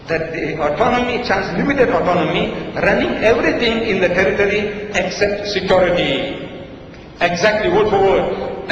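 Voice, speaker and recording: Man with a high voice, a sarcastic and emphatic debater, heard from far off in a booming hall on an old lo-fi tape. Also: slight background noise. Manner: sarcastic, emphatic, rhetorical questions. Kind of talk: public debate speech. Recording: distant echoey hall recording, lo-fi.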